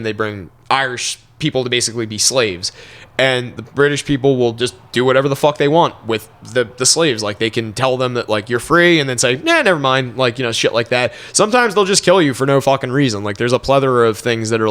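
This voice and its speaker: A man's voice: mid-range voice, fairly bright tone, smooth. A young man co-hosting a podcast, telling loose, profane stories with lots of fillers in casual chat. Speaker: podcast co-host.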